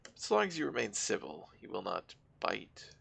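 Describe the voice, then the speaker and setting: A man's voice: lowish voice, wildly swooping pitch, vocal fry, fairly bright tone, slight background noise, exaggerated voice. A man reading as a courteous drone engineer. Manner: polite, measured, formal phrasing. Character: cultured male Russian drone engineer, calm, courteous.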